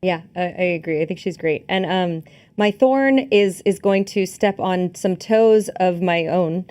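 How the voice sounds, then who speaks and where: A woman co-hosting a movie podcast, talking casually with many pauses and restarts. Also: fairly low pitch, a little mellow. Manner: hesitant, laughs often, many fillers. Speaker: podcast co-host. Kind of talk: casual movie review chat.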